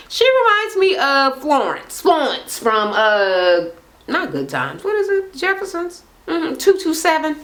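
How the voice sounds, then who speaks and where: A woman's voice: high voice, takes it slowly. A married woman recapping a reality show in casual chat, rambling, swearing freely and acting out quotes as she goes. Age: adult, married. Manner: animated, profane and rambling, often acting out quotes.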